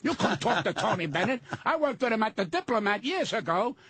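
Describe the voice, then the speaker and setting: A raspy older man rants and curses his way through old grudges on a live podcast, his voice pitched very high and swinging wildly. The sound is close and dry, with no room around it. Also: very animated, fairly quick, sharp tone, no room sound. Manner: profane, ranting, combative. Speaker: guest comedian.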